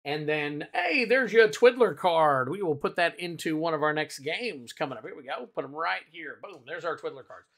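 A man's voice: a little high, animated, moderate pace, hardly any pauses, fairly bright tone. A man hosting a card-opening video, chatting casually as he names each card he pulls. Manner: chatty, lists cards aloud with little asides. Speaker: card-opening channel host.

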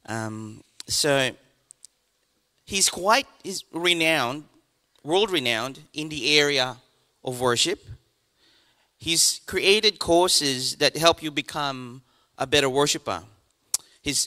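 A man, a pastor introducing a guest speaker to his church, talking in a halting way with many restarts. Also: fairly high pitch, bright, forceful tone. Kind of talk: church announcement.

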